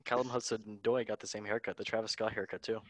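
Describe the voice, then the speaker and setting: A man's voice: on the low side, level tone, fast talker, no echo. A young man hosting a casual football chat, playful and laughing often as he runs through match scores. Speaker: podcast host.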